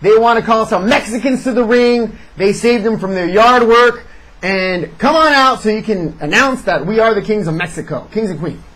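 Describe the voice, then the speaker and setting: A man reviewing a wrestling show in casual chat, sarcastic and animated as he recaps. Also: sits high, moderate pace, low-quality recording.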